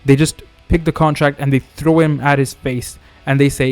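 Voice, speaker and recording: A man hosting a wrestling video, narrating a made-up storyline in a steady storytelling way. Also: medium pitch, normal speed, faint music behind. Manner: steady storytelling, reads quotes in his own voice. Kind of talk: fantasy booking narration.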